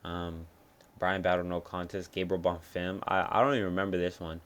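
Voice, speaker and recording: A young man talks through upcoming fights in a loose, unscripted breakdown. His voice sits fairly low, and he swears freely. He thinks aloud and second-guesses his picks as he goes. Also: fairly even intonation, a little fast, fairly bright tone. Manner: rambling, profane, thinks aloud and changes picks. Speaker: MMA fight picks commentator. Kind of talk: casual fight-prediction breakdown.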